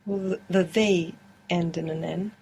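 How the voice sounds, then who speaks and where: A woman student giving soft, hesitant short answers in an audio lesson. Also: on the low side, fairly even intonation, a little slow, creaky, slightly rough, poor audio.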